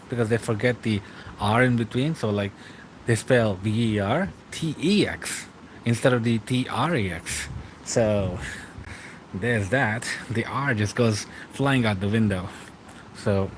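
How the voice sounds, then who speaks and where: Young male streamer, mid-pitched, rambling chat replies, faint vehicle hum behind. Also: low-quality recording. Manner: rambling, reads and answers chat, chuckles often. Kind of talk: casual late-night stream chat.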